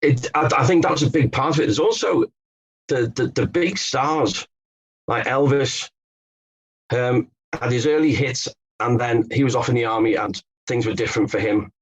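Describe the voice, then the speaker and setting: A man's voice: medium pitch, normal speed, breathy edge, highs cut off. A man, an author and Beatles expert, telling stories as a podcast guest with some fillers and restarts. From England. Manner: storytelling, explanatory, with fillers and restarts. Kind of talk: podcast interview answers.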